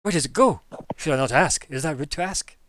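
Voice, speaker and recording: A man voicing an excitable, flippant gnome tinkerer in a tabletop game, eager and theatrical. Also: medium pitch, moderate pace, a little hiss or hum, lightly acted.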